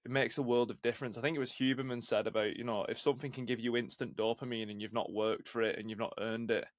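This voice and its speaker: A man hosting a podcast interview, asking reflective, measured questions. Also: mid-range voice, fairly even intonation, dry recording. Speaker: podcast host. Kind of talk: conversational interview.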